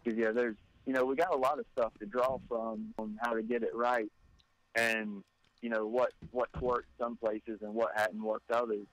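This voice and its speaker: Halting man from North Carolina. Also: mid-range voice, level tone, fairly bright tone, rough recording. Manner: halting, repeats words while thinking. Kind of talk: casual podcast chat.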